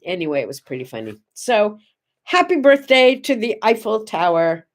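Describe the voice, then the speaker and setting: A woman hosting a relaxed morning show, spinning personal stories in a chatty way. She keeps a mid-range voice and drops in playful asides. She sounds animated as she tells each anecdote. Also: medium pitch, moderate pace. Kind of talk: casual chat and storytelling.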